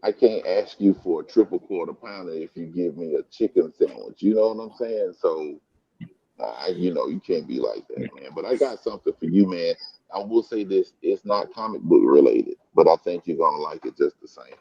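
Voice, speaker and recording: A man's voice: deep voice, animated, normal speed, vocal fry, dry recording, highs cut off. A man hosting a casual live chat from a comic book store, talking on his phone in a laid-back, rambling way and calling everyone "man". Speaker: live stream host, comic collector.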